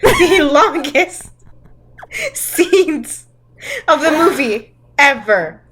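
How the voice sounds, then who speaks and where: Young woman co-host, sarcastic movie recap, bright, slightly high voice. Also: animated, drawn-out words. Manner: sarcastic recapping, acts out quotes, giggles often. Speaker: podcast co-host. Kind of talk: casual movie-roast chat.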